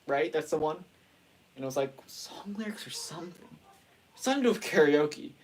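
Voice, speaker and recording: A man's voice: a little high, expressive, a little fast. A man in a casual chat who rambles through his points. He often breaks off and restarts mid-sentence as he works out what he means.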